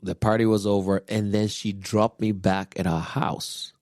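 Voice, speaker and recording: Man, very low pitch, dry studio sound; relaxed podcast guest who tells stories with frequent chuckles. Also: a little slow, no room sound. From Kenya. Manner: relaxed storyteller, chuckling often, quoting others. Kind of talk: personal storytelling in casual chat.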